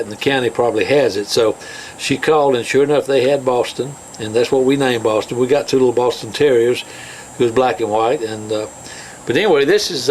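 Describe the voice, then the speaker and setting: A man hosting a homespun show from his farm, rambling along with plenty of ums and restarts. His pitch sits in the middle, and a clear noisy background hangs behind him outdoors. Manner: rambling, chatty, with many fillers and restarts. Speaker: host. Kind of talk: casual folksy chat.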